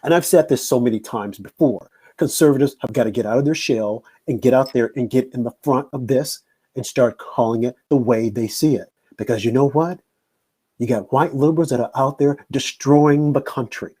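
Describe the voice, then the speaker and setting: A man hosting political commentary in an emphatic, repetitive way. His voice is husky and mellow, with a relaxed, dark tone. He sits at a middle pitch. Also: moderate pace. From United States. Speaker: host.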